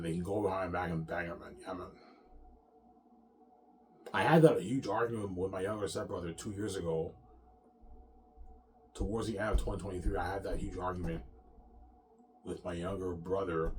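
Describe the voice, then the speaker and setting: A low-voiced man rambles on in a loose monologue, cursing often and circling back over the same points. He tacks "man" and "yeah" onto his lines, and a faint hiss sits underneath. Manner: profane, repetitive, ending lines with "man" and "yeah". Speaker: vlogger.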